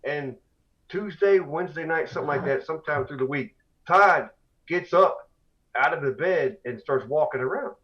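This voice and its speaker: A man with a fairly high voice, telling a funny story on a casual podcast. He swings into acted-out voices and laughs along as he talks. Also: normal speed, dull audio. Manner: animated storyteller, acts out voices, laughs often. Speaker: podcast co-host.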